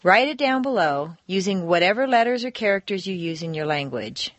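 Lively woman reading accent lessons. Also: lowish voice, no echo. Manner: clear, measured teacher delivery with lively intonation. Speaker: accent course narrator. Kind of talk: scripted instructional narration.

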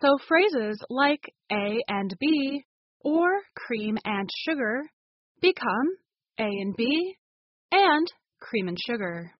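A woman's voice: high-pitched, no room sound, dull audio. An American woman hosting a language lesson, reading a scripted explanation and carefully modelling pronunciation examples. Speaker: English teacher and show host. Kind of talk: scripted slow teaching narration.

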